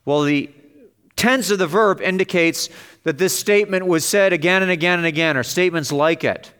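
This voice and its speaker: A man's voice: moderate pace, a bit bright, smooth. A man preaching an expository sermon in an emphatic way, his voice rising as he stresses vivid passages. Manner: emphatic, rises in pitch and volume on vivid passages.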